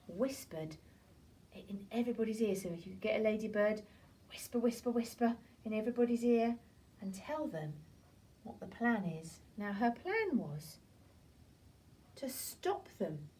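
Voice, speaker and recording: Slow, gentle woman teacher. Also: mid-range voice. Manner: gentle, sing-song, drawn out for small children. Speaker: primary school teacher. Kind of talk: slow storytelling lesson for young children. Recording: voice from a distance off the mic.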